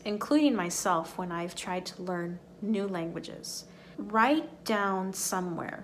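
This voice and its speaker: A woman teaches English in an unhurried, carefully clear voice, spacing her words so learners can follow. Her tone stays encouraging throughout. A faint hum of background noise sits under the recording. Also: mid-range voice. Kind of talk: online English lesson.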